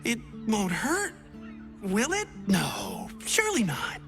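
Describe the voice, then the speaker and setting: A woman's voice: medium pitch, wildly swooping pitch, slow pace, over music, exaggerated voice. A woman voicing a bubbly, silly young adventurer in a video game who keeps trying out new classes and talks in a playful, theatrical, teasing way.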